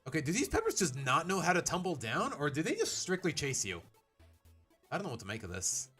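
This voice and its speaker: A man thinks aloud as he plays, with a bright, forward tone and a very lively pitch. He rambles and makes fun of his own mistakes in a loose let's play style. Faint game music plays underneath. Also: brisk. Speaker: gaming streamer.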